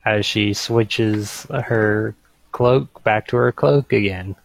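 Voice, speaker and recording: A man with a low, gravelly voice speaks unhurriedly as a player at a tabletop game. He is hesitant, and the recording is dry. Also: takes it slowly, dry recording, rough recording.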